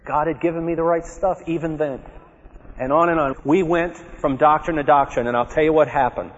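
Animated man telling his story in a hall. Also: a little high, brisk. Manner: animated storytelling, acting out his own remembered lines. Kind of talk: personal testimony talk to an audience. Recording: dull, echoey hall recording.

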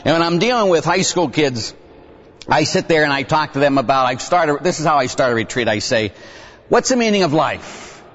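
A middle-aged priest preaches with a lively, swooping delivery, jumping into excited voices as he plays out back-and-forth exchanges. His voice sits a little high for a man. The recording is muffled and carries a long hall echo. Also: normal speed. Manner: animated, acts out dialogue with kids, bursts into high excited voices. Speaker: Catholic priest. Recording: dull sound with long hall reverb.

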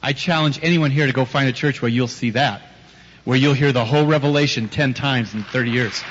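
A man's voice: medium pitch, brisk, a bit bright, breathy edge. A man preaching a sermon before a live audience, telling personal stories with emphatic rhetorical questions and light teasing. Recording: dull audio with long hall reverb.

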